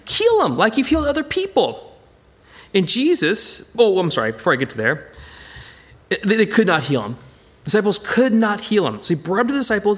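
A man leads an informal Bible study, talking it through conversationally with frequent restarts and emphatic bursts, animated throughout. His voice is high-pitched with a breathy edge, and it's a presentation with slides.

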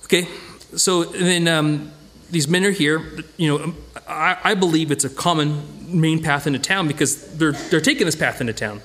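A man leading an informal Bible study, talking conversationally with lively acted-out asides and frequent restarts. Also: fairly high pitch, normal speed. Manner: conversational, animated, acts out quoted voices, many restarts.

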